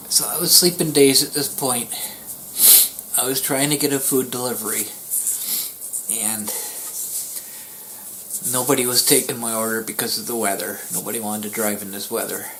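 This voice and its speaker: Soft-spoken grieving man, halting. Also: medium pitch, little pitch movement, slight background noise, low-quality recording. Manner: halting and soft-spoken, with pauses, restarts and dips into near-whispers; somber, grieving tone. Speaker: YouTuber. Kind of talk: personal storytelling to camera.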